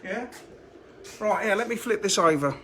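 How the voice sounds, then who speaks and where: A man's voice: sits high, animated, normal speed, sharp tone, slight background noise. A man, live streaming from his phone and chatting casually in a rambling, self-mocking way as he shows things to the camera. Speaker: fishery owner live streaming. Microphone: phone camera held in hand.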